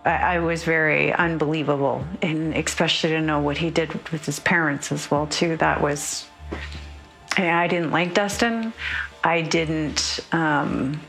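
Middle-aged woman, halting stunned speech, gravelly fry, flat monotone, faint music. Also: deep voice. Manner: halting, restarts sentences, stunned. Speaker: interviewee, mother.

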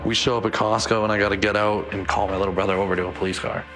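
A man's voice: on the low side, flat delivery, rapid-fire, fairly bright tone, faint music behind. A young man, son of the victims, giving an emotional first-person account and acting out what each person said. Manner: retells events by acting out quoted dialogue.

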